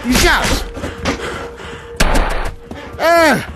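A man giving live commentary while playing a VR fighting game. He trash-talks his opponent, lets out loud whoops and makes chatty asides to viewers. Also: very high-pitched, animated, very slow, over music.

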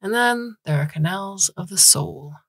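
A woman's voice: sits low, big pitch swings, measured pace, slightly rough, no room sound, clean studio sound, heavily acted. A woman voicing a small, rotund, cheerful man who digs canals, breezy and chatty in an audiobook reading.

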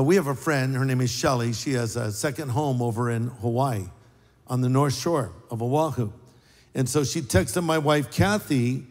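A man preaching a sermon as pastor, in a conversational, joking way with big swings in pitch. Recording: live sermon with long hall reverb.

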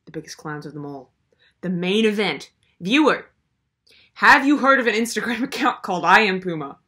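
Woman, young adult, comedic commentary host, sarcastic, exasperated, lively swooping pitch. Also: normal speed. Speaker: video host.

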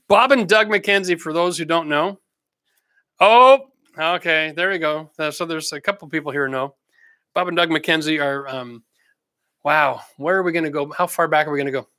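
A man's voice: on the high side, normal speed, pauses often, pushed and bright, no room sound, clean studio sound. A middle-aged Canadian man hosting a casual livestream, chatty and practical with jokey asides. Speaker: host answering live chat questions.

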